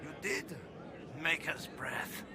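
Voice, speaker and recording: An actor playing a weary middle-aged male army marshal who talks formally and gruffly and scorns rebels. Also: a little high, big pitch swings, slow pace, crowd noise, background noise.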